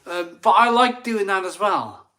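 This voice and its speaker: After a few beers, a tipsy middle-aged host on a casual live stream reads viewer comments aloud. His high voice is expressive, pushed and bright, a little slow, and he rambles chattily with restarts, laughing at himself.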